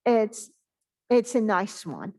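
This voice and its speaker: A woman giving a math exam review in an online class, talking in a halting way and thinking aloud with many pauses and fillers. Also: medium pitch, big pitch swings, mellow, low-quality recording. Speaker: math instructor.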